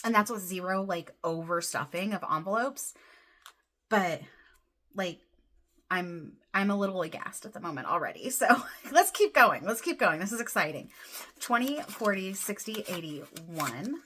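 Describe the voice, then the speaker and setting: A woman vlogging about her budget, counting cash under her breath and then gushing with excitement. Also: fairly low pitch, moderate pace. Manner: excitable, counts money aloud softly then gushes. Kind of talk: casual vlog, counting cash. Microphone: desk camera mic, off-camera voice.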